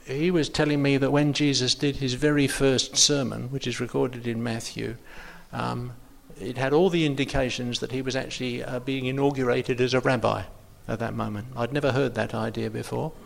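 A man's voice: medium pitch, fairly even intonation, moderate pace, gravelly, hardly any pauses. A man leading an informal Bible study, talking hesitantly with many ums and restarts.

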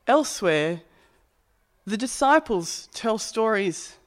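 A preacher delivering a sermon in a reflective, conversational tone. The voice sits at a middling pitch and keeps a plain storytelling manner. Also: very animated, slow pace.

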